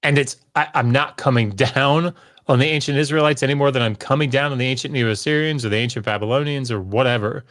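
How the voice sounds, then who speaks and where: A man's voice: mid-range voice, fast talker, fairly bright tone. A man co-hosting a podcast, venting his frustration in an emphatic, exasperated way, with sighs and repeated words. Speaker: podcast co-host. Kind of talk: heated casual discussion.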